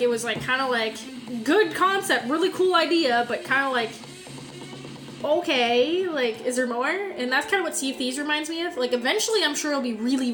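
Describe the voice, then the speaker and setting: A woman from Canada chatting casually to her viewers on a home live stream, rambling with fillers and the odd swear word. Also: high-pitched. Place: home, indoors.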